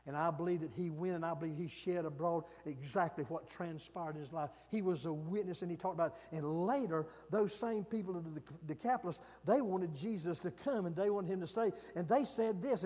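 A man preaching a sermon, swinging from loud emphatic peaks to soft hushed lines. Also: fairly high pitch, fairly quick, few pauses, big-room sound.

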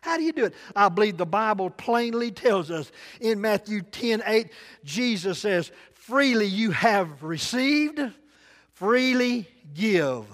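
A man preaching a sermon, telling folksy stories in dialect and shifting between loud and soft delivery. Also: high-pitched. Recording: long hall reverb.

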